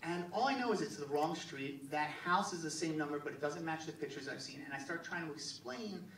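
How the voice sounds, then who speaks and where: A male comedian doing live stand-up, telling a story in an animated way and acting out the other people's voices. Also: a little high, fairly quick. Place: live venue with audience. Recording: echoey room, distant mic, crowd noise.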